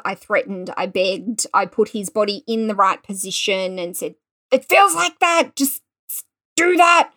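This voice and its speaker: A woman, a guest telling her story with lively, self-deprecating humor. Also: medium pitch. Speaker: guest teacher educator. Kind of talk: conversational storytelling.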